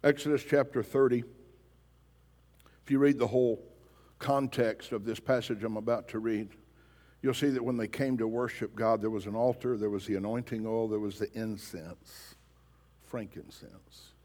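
In a church sanctuary with the long reverb of a large hall, a pastor with a dark, mid-range voice preaches emphatically. He keeps a steady tone and normal speed while pressing his congregation with pointed questions.

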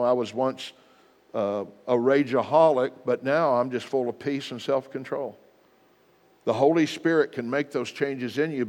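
A man's voice: mid-range voice, darkish tone, big-room sound. A middle-aged man, a pastor, preaching a sermon in an earnest, plain-spoken way with repeated exhortations.

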